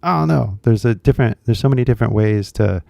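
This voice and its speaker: Gravelly rambling American man. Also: medium pitch, animated, fast, warm tone, dry recording, studio quality. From United States. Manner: rambling, many fillers like "you know" and "like". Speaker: English teacher and live streamer. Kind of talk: casual live-stream monologue.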